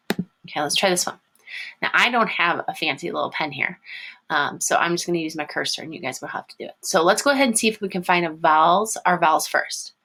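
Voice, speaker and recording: Husky-voiced teacher sounding out words. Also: female voice, lowish voice, fairly bright tone. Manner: patient, encouraging, sounds words out slowly. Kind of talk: online phonics lesson for young children.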